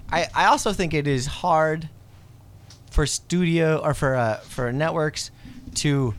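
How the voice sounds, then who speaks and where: A man's voice: fairly high pitch, takes it slowly. A man hosting a podcast, chatting casually and animatedly, swearing a lot and laughing often. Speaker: podcast host. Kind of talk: casual chat.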